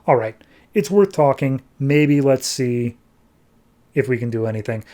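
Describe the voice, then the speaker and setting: A man's voice: medium pitch, measured pace, warm tone, natural voice. A man casually voicing a male gang boss who talks in a laid-back, weary way. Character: tough male gang boss calling a truce.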